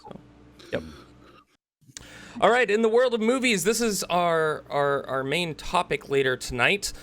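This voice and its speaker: A man hosting a podcast, reading through upcoming releases in a casual chat with quick asides. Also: high-pitched, fairly bright tone. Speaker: podcast host.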